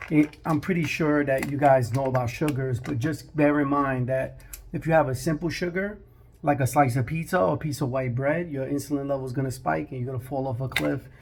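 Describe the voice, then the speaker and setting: A man's voice: mid-range voice, gravelly, a little hiss or hum. A man, a barber, talking casually to camera in his barbershop, conversational and peppered with "right?". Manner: conversational, with frequent "right?" tags. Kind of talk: casual vlog talk.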